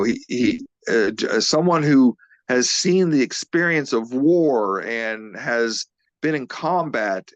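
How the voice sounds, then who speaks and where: A man, a physical therapist, being interviewed as a guest and earnestly retelling a witness's story, halting and restarting often. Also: medium pitch, dry recording.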